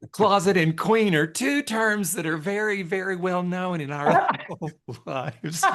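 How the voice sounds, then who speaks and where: A man hosting a podcast interview, talking expressively, telling stories and laughing easily. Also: sits high. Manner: expressive, storytelling, quick to laugh. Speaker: podcast host. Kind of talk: conversational interview.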